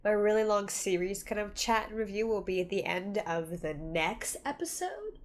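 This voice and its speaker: A woman's voice: mid-range voice, lively intonation, moderate pace. A woman with a stuffy nose giving a rambling, chatty anime reaction, laughing often. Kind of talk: casual reaction commentary.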